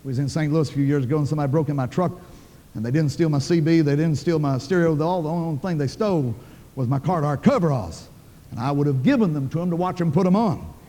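Older man, preacher, folksy and emphatic, rapid delivery, reverberant hall. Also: on the high side, dark tone. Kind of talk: sermon storytelling.

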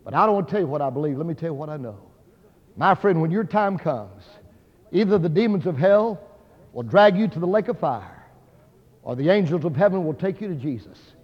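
A man's voice: fairly high pitch, animated, brisk. A man preaching a sermon, telling a story in an earnest, dramatic way. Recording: dull sound, hall reverb.

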